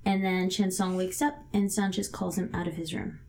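A woman co-hosting a podcast, recapping a drama episode in a steady way with dry asides. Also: lowish voice, normal speed, creaky. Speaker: podcast co-host.

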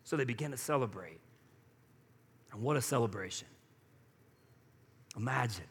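A man's voice: medium pitch, animated, moderate pace, husky, in a large hall. A man preaching a sermon as pastor, talking conversationally and acting out quoted lines with rising energy.

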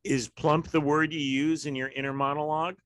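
A man's voice: fairly high pitch, level tone, brisk, fairly bright tone, dry recording. A man hosting a casual podcast chat with his sister, talking in a wry, rambling way with sarcastic asides. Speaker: podcast host.

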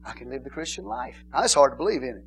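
A middle-aged male pastor, preaching in a joking, animated way and calling out to the congregation. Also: mid-range voice, fast, slight background noise. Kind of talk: sermon.

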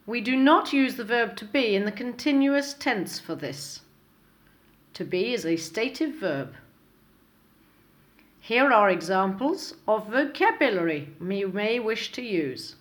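A woman hosting an English lesson podcast, speaking slowly and clearly from a script, with exaggerated intonation in her examples. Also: medium pitch, big pitch swings, a bit bright. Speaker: English teacher, podcast host.

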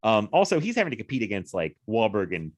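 A man's voice: lowish voice, huge pitch swings, quick pace. A man in casual chat about films, rambling with frequent laughs and the odd swear word.

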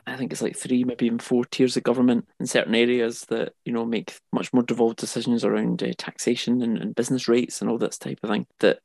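A man's voice: medium pitch, level tone, fast talker, creaky, few pauses, darkish tone, no echo. A man co-hosting a casual political discussion, thinking aloud with many fillers and restarts. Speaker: podcast co-host.

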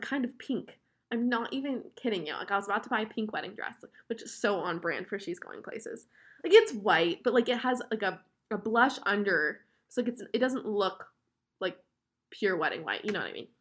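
A young woman hosting a podcast, telling a casual, chatty story and quoting herself a lot. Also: mid-range voice. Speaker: podcast host.

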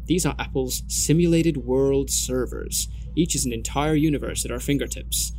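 A man's voice: medium pitch, natural voice. Guy doing a smug bossy tech ceo, middle-aged, pompous and grand. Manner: pompous and self-important.

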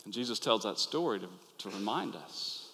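A pastor preaching an earnest, animated sermon to his listeners, acting out the quoted lines. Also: fairly low pitch, normal speed, vocal fry, a little hiss or hum. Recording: long hall reverb.

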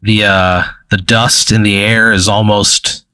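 A man's voice: on the low side, level tone, slow, bright, forceful tone, smooth, dry recording, poor audio. A man acting as game master, narrating a hypothetical scene in a rambling, hesitant way full of fillers and restarts.

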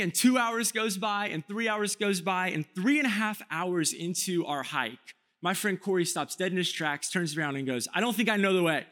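A man in his thirties with a fairly high voice preaches to his church. He tells stories with self-mocking humor and acts out other people's lines. His tone is light and easy. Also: a bit bright. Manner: joking, self-mocking storytelling with acted-out quotes. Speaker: pastor. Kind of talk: sermon.

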